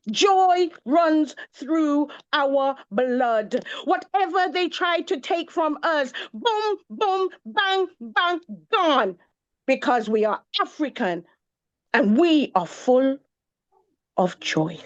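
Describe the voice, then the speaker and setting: Slow, lively-voiced woman chanting poetry. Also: high voice. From England. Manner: rhythmic, chanting delivery with sung and exclaimed bursts. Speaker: poet. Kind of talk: spoken-word poetry performance. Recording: dull lo-fi recording of a live gathering.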